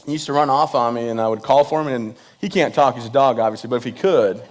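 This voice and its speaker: A man's voice: mid-range voice, fast. A man from Michigan, a veteran, telling a comic story on stage in a joking, self-deprecating way while speaking straight to the audience. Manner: addresses the audience directly. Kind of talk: stand-up comedy storytelling.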